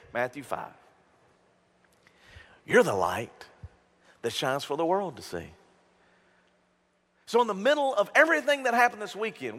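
A male pastor preaching a sermon in a folksy, emphatic style, talking straight to his congregation. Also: fairly bright tone. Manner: folksy, emphatic preaching with big swings in pitch and volume. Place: church sanctuary. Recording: long hall reverb.

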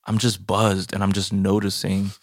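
Gravelly, low-voiced man telling loose stories. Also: completely flat delivery, moderate pace, no echo, clean studio sound. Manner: loose, profane storytelling with lots of "like". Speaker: podcast co-host. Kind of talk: casual chat.

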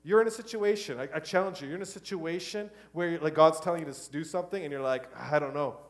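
A middle-aged man preaching a sermon, switching between loud exhortation and quiet, hushed asides. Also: fairly high pitch, fast talker. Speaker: pastor.

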